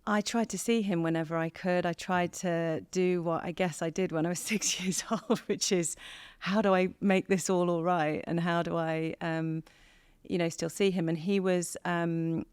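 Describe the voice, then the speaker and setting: An English woman from the north of England, a podcast guest speaking candidly and thoughtfully, pausing often with ums. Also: fairly low pitch, steady tone, a little mellow, smooth, no room sound. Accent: northern English over a southern English base. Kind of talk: reflective interview conversation.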